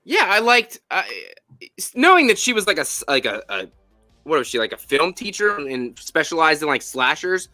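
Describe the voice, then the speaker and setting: A man hosting a casual spoiler review, talking animatedly and cursing often. His voice is very bright, his pitch swings a lot, and the sound is dry and close. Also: moderate pace, no echo, soft background music. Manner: animated and profane, with lots of fillers. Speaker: podcast host.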